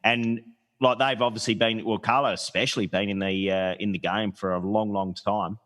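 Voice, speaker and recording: A man hosting a podcast who asks his questions in a casual, halting way. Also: fairly low pitch, steady tone, fairly bright tone. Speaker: podcast host. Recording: long echoing reverb.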